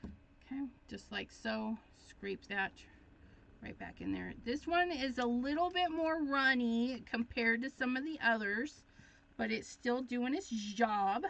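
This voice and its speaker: A woman hosting a crafting tutorial, chatting casually and thinking aloud, easily excited as she works. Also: a little high, slow, vocal fry, dull audio. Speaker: craft demonstrator. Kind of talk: live crafting tutorial chat.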